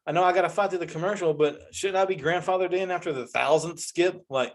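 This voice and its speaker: A man in his forties ranting casually as a comedy host, exasperated and animated, with frequent restarts and self-interruptions. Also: sits high, quick pace, few pauses. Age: 40s.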